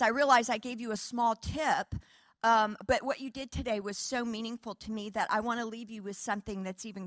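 A woman preacher telling a testimony to a church audience, animated, laughing and acting out dialogue. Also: a little high, no echo. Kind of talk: sermon testimony storytelling.

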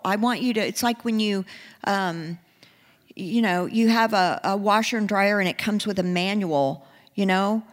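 A woman preaching a sermon, earnest, moving from hushed and soft passages to rising, emphatic ones. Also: mid-range voice, long reverb tail.

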